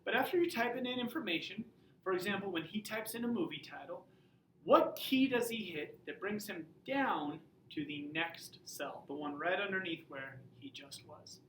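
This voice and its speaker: A high school teacher giving a casual, joking class update in an informal, chatty way. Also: moderate pace, a bit bright, recorded from a distance, slight background noise. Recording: roomy audio from away from the mic.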